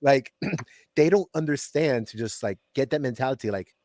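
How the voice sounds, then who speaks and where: A man's voice: mid-range voice, animated, moderate pace, a little mellow, no room sound, clean studio sound. A man co-hosting a sports podcast, talking loosely and conversationally with lots of "like". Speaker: podcast co-host. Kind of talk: casual sports chat.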